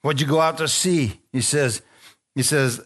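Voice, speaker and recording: A male pastor preaching a lively sermon, retelling a Bible story playfully and often asking his congregation for an amen. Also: a little high, a little slow. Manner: excitable, playful storytelling with call-and-response.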